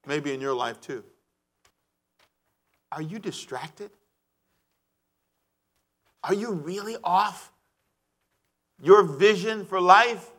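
A male pastor preaching a sermon, animated and calling on the congregation to answer back. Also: high-pitched, takes it slowly, pauses often.

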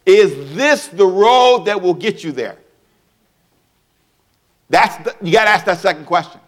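A man preaching a sermon as pastor, repeating rhetorical questions and swinging between hushed and loud delivery while calling on the congregation to respond. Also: high voice, animated, unhurried.

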